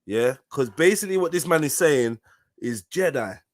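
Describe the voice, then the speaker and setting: A man from South London with a London accent, hosting a live podcast and reacting to a played clip in an animated, slangy, incredulous way. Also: fairly high pitch, normal speed, no echo, studio quality. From South London, England. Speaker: podcast host.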